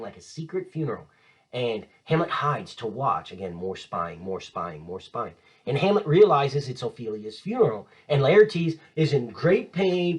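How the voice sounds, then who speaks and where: A man teaching literature in a casual lecture, retelling a play in modern slang. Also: on the high side. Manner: chatty, paraphrases quotes in modern slang, lively and animated.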